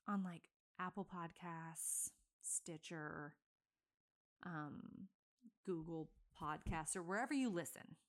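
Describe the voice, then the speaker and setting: A woman in her thirties from Virginia hosting a podcast, chatting loosely with many fillers and self-corrections, a little out of breath. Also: fairly low pitch. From Virginia, USA. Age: 30s. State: a bit out of breath. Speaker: podcast host. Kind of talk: casual solo podcast intro.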